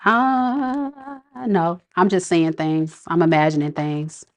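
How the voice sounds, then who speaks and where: A woman's voice: fairly low pitch, lively intonation, takes it slowly. Chatty woman giving a live tarot reading. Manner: chatty, affectionate, laughs often. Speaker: tarot reader.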